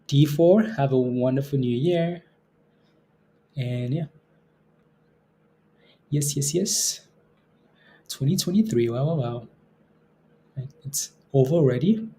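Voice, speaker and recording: Man, livestream host, mellow dark tone, easygoing chatter, repeats himself, reads viewer comments. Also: medium pitch, takes it slowly, pauses often, a little hiss or hum. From Canada. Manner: relaxed, laughs often, repeats phrases. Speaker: day trading livestream host. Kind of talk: casual livestream chat reading viewer comments.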